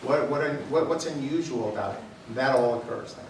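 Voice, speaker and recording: A man speaks from a distance in a very echoey meeting hall, his voice pitched in the middle range. His manner is earnest and reassuring, and he restarts and repeats words as he answers residents' questions. Faint room noise sits behind him. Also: a little fast. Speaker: police official answering residents. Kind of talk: public meeting response.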